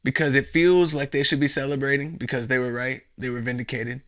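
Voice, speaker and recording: A man's voice: medium pitch, flat delivery, fairly quick, a bit bright. A man hosting a podcast, delivering a profane, sarcastic, rambling comedic monologue. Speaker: podcast host.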